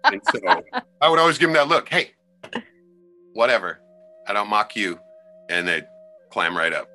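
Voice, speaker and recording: A man, a former crab fisherman, telling wild sea stories in a loose, profane, animated way on a podcast. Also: on the low side, normal speed, faint music behind. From Alaska. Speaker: podcast guest. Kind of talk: casual storytelling.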